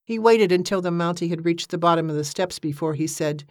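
A narrator reading an audiobook in an even, measured way, giving the characters light voices. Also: mid-range voice, no echo, clean studio sound.

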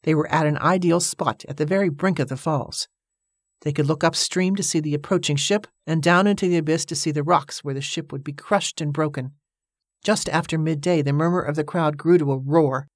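A woman narrating an audiobook in a measured storytelling manner. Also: sits low, dry recording, clean studio sound.

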